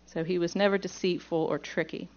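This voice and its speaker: A woman's voice: on the low side, fairly even intonation, fairly quick, darkish tone, muffled recording. A woman from Pittsburgh teaching a Bible lesson, reading scripture aloud and then explaining it plainly point by point.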